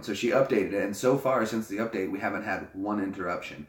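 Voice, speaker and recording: A low-voiced man chats casually with his viewers, rambling and joking. His voice rings out in a roomy, echoey space. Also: recorded from a distance. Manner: joking, rambling, quick to laugh. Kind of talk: casual chat. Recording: echoey room.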